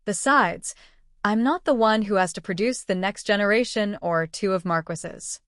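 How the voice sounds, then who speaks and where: A man's voice: sits high, normal speed, a bit bright, dry recording, studio quality. A woman reading an audiobook, voicing a languid, teasing roguish noble husband.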